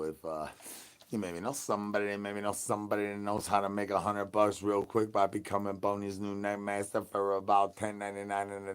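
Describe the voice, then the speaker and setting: A man's voice: fairly low pitch, clear, resonant tone, natural voice. A man doing a crude, hungry zombie ranter. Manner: rambling, crude, sing-song nonsense rhymes. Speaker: comedy channel host. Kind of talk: improvised comedy rant.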